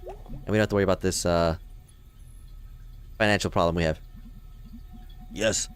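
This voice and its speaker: A young Chicago-born let's play host from the Midwest speaks in a low-pitched, clear, resonant voice with a steady tone and moderate pace. He casually jokes and comments through a video game, answering the characters back, as faint music plays behind.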